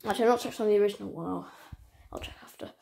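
A woman chatting casually to her channel's viewers, rambling and halting with many restarts. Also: medium pitch, creaky, a little mellow, a little hiss or hum. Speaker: channel owner. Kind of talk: casual vlog chat.

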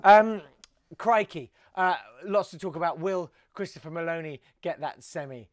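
A man's voice: a little high, moderate pace, no room sound, clean studio sound. A man hosting a solo live comedy webcast, talking in a wry, rambling way with many fillers and restarts. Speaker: host.

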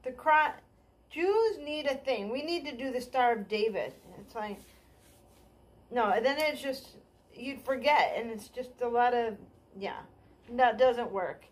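Woman stand-up, high-pitched, scattered and self-deprecating, trails off and restarts. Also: a little slow. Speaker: stand-up comic. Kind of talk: rambling comedy monologue.

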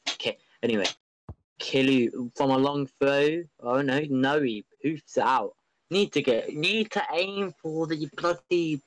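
A man giving excitable, rambling, openly biased live commentary on an online football match. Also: mid-range voice, a little hiss or hum, rough recording.

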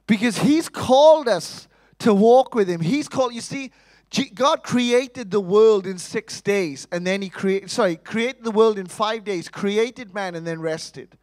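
A man preaching an Easter sermon in a lively, humorous way, calling out to the congregation for responses. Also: sits high, unhurried, no room sound, low-quality recording. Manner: lively, humorous, acts out quoted voices.

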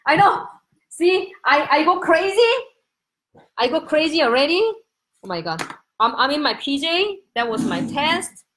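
A middle-aged woman with a Korean accent, a native Korean speaker, chats excitedly on a casual live stream from home. Her voice sits high and leaps up and down with lively energy. She calls out to viewers by name as she talks. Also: measured pace, noisy background.

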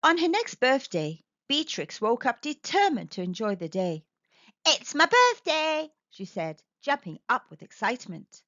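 A woman's voice: medium pitch, normal speed, hardly any pauses, no echo. Lilting woman reading a children's story. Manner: expressive, lilting, gentle. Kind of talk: children's picture-book read-aloud. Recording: dull dry recording.

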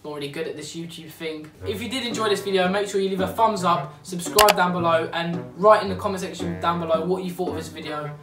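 A vlogger rants to camera in a sarcastic, exasperated and rambling way. The voice sounds distant from the mic in an echoey room, with music playing clearly in the background. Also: medium pitch, fairly even intonation, fast, few pauses. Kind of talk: comedic rant to camera.

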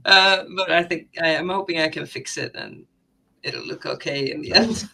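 A woman who is a guest artist on a casual livestream chat, talking candidly and self-deprecatingly with halting phrasing. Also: lowish voice, creaky, pushed and bright, low-quality recording.

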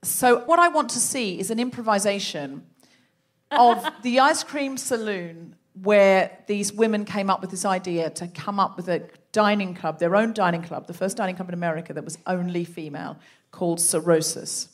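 A woman's voice: mid-range voice, normal speed. A woman hosting a live comedy podcast, telling a story in a chatty way and laughing often.

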